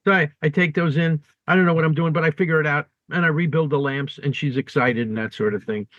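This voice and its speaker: A man co-hosting a casual podcast, telling stories in an easygoing, conversational way. His voice sits a little high. The recording is dull and lo-fi, dry and close with no room sound. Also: quick pace, no room sound. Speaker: podcast co-host. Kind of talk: casual storytelling chat.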